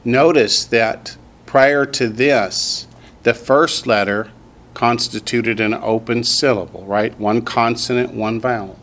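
A man's voice: medium pitch, fairly even intonation, a bit bright, slight background noise. Patient Southern man teaching a class. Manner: slow, patient drilling with repetition. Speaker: Hebrew teacher. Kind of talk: classroom language lesson.

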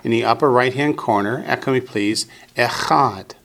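A man's voice: medium pitch, moderate pace, a bit bright. A man teaching Biblical Hebrew in a classroom, patiently drilling students with call-and-response.

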